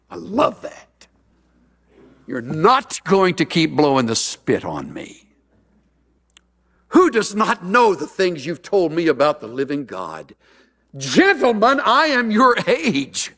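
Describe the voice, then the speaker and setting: A man's voice: a little high, big pitch swings, takes it slowly, a bit bright. A man preaching a sermon as a pastor, mixing humorous stories with earnest appeals.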